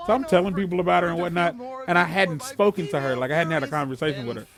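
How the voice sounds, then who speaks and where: A man's voice: a little high, very fast, a crowd in the background. A man in his thirties telling a story in casual chat while gaming, rambling along with many fillers. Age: 30s. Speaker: podcast co-host.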